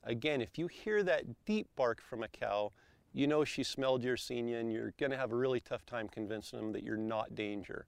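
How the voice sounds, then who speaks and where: Man, instructor, methodical explanations, gravelly tone, dry sound. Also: medium pitch, brisk, no room sound. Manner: calm, methodical, explains step by step. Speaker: elk calling instructor.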